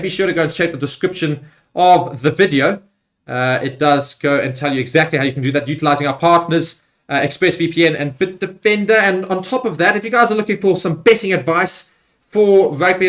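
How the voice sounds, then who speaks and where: Guy doing a rugby watchalong stream, kinda high voice, lots of uhs, gets hyped on tries. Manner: excitable, pitch jumps on big plays; rambling with fillers and restarts. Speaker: livestream host. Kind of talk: live match watchalong commentary.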